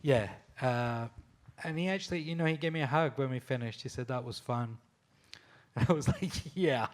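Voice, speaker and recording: A man's voice: on the high side, normal speed. A man from Scotland with a Scottish accent, a photographer telling enthusiastic, laughing stories at a live panel talk, with frequent restarts. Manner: enthusiastic storyteller, laughs often, restarts and fillers. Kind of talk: anecdotal talk at a public event.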